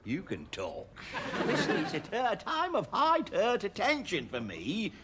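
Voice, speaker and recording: Stammering shopkeeper. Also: male voice, high voice, wildly swooping pitch, measured pace, fairly bright tone, breathy edge, heavily acted. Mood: teasing. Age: middle-aged. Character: stingy stammering middle-aged male shopkeeper. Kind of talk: sitcom acting. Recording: noisy TV sitcom recording.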